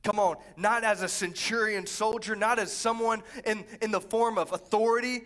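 A man preaching a lively, conversational Pentecostal sermon, swinging from quiet asides to fervent shouts. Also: sits high, normal speed, hardly any pauses. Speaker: pastor.

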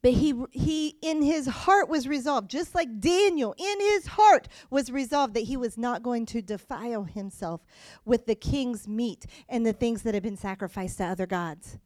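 High-voiced woman preaching a sermon. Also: moderate pace, dry recording, studio quality. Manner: animated, acts out voices, swings between soft and loud.

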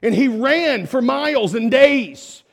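High-voiced male preacher telling a story. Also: lively intonation, slow pace, vocal fry. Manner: emphatic, with wide swings between loud and hushed. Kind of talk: storytelling sermon.

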